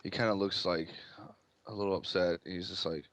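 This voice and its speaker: A man's voice: sits low, fairly even intonation, normal speed, fairly bright tone. A man narrating as game master in loose, casual speech with fillers.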